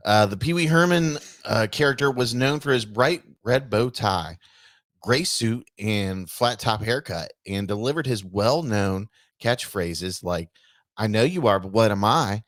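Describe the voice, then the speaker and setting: A man's voice: fairly low pitch, animated, a little slow, fairly bright tone, dry recording, studio quality. A man co-hosting a casual podcast, reading a news article aloud and stumbling over words with offhand asides. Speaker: podcast co-host.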